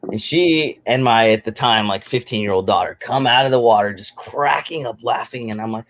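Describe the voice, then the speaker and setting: A man's voice: on the low side, lively intonation, fairly quick, few pauses. Joking, rambling man in his forties. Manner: rambling, jokey, self-deprecating. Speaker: guest on a live stream. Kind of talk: casual storytelling chat.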